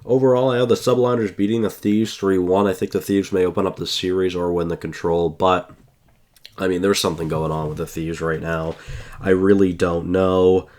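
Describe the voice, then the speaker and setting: A man with a very low voice chats through his esports picks on a desk mic. He rambles casually, stumbles and corrects himself often, filling pauses with ums and uhs. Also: steady tone, a little mellow. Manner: chatty, self-correcting, filler-heavy. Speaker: esports YouTuber. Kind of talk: casual prediction commentary.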